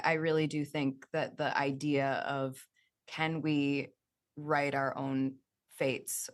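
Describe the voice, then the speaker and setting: A young adult woman answering interview questions as an actress, enthusiastic and animated. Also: low-pitched. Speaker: actress guest.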